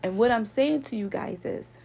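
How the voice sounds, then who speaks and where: Woman, casual vlog storyteller, gravelly texture, earnest lecturing delivery with lots of repetition. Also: fairly high pitch, moderate pace, warm tone, a little hiss or hum. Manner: earnest, lecturing, repeats points for emphasis. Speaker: vlogger.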